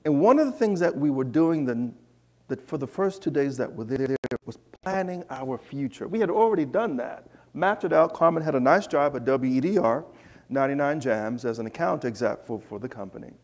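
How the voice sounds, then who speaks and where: Gravelly-voiced man telling a church story. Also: mid-range voice, brisk. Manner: animated, chatty storytelling with asides to the congregation. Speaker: preacher. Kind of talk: storytelling sermon.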